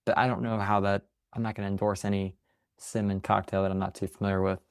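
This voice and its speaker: A man's voice: fairly low pitch, little pitch movement, fast talker, smooth, no echo, studio quality. A man co-hosting a podcast in casual chat, answering in a hesitant, hedging, laid-back way. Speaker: podcast co-host.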